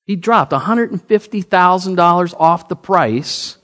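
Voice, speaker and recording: Man, pastor, sermon, lively storytelling, fairly high voice. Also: unhurried. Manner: storytelling with lively pitch swings.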